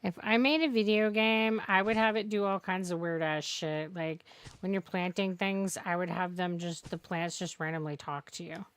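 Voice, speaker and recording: A woman's voice: lowish voice, steady tone, moderate pace, a bit bright, clear, resonant tone. A woman streamer chatting through a farming game, rambling and joking with plenty of swearing. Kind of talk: casual gameplay commentary.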